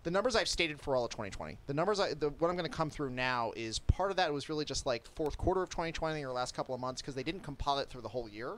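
A man's voice: on the high side, lively intonation, rapid-fire, hardly any pauses, a bit bright. Crude, joking man with faint hiss. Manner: reads out search statistics, crude and joking. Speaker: podcast host. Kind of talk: casual chat.

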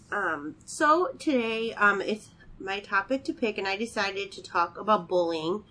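A woman's voice: mid-range voice, moderate pace, sharp tone, poor audio. Congested nasal woman chatting. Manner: chatty, many fillers. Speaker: podcast co-host. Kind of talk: casual chat.

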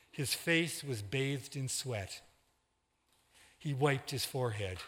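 A man reading a story aloud in a measured, dramatic way. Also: medium pitch, fairly bright tone. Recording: long hall reverb.

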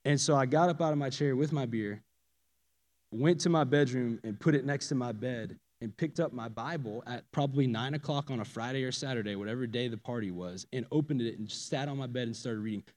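A man giving a casual, animated personal testimony to a church audience, swinging from loud emphasis to hushed asides. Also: mid-range voice, a little fast. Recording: long reverb of a large hall.

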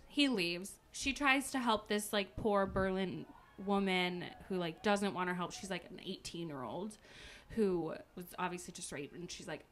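A woman's voice: mid-range voice, measured pace. A young woman in a casual chat, animatedly retelling a book and acting out its characters' lines with lots of "like". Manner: animated storytelling, acts out characters' lines, frequent "like". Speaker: podcast co-host recapping a book.

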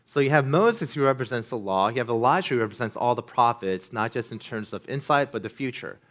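Male pastor, mid-pitched, sermon delivery with loud peaks and quiet dips. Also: animated, fairly quick. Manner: earnest preaching that swings between loud and hushed.

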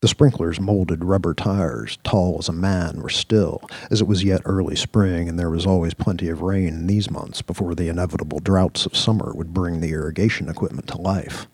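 A man narrating a science-fiction radio story in a measured, descriptive way. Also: low voice, steady tone, slightly rough. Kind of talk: scripted audio-drama narration.

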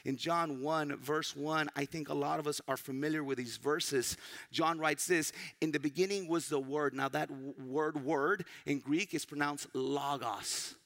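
Man, preacher, sermon, teacherly, emphatic stresses, gravelly voice. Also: fairly high pitch, steady tone, a little slow. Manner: emphatic, rising to loud stresses and dropping to near-whispers; teacherly, tells listeners to underline phrases.

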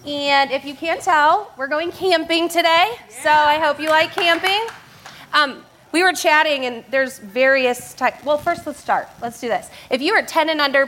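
A woman's voice: high voice, normal speed, pushed and bright. A woman teacher leading a family church service on stage, playful and laughing as she talks straight to the crowd. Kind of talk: lively family sermon talk.

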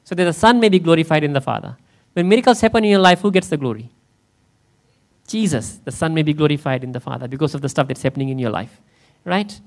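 A man's voice: a little high, lively intonation, quick pace. A man in the role of pastor, preaching a conversational sermon in church and often asking his listeners questions. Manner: conversational, asks the congregation questions.

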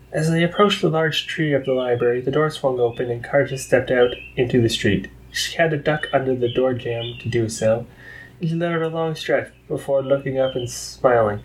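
A man narrating fan fiction aloud in a steady, unhurried way. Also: medium pitch, low-quality recording.

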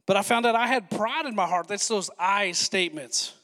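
A male pastor preaching a sermon with excited, fast-talking energy and asides to the congregation. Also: sits high, in a large hall.

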